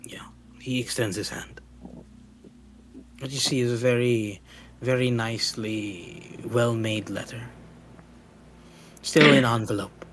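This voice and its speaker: A man narrating a tabletop game as game master, often pausing and searching for words. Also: medium pitch, fairly even intonation, fairly bright tone, slight background noise, low-quality recording. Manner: halting, searches for words with many ums.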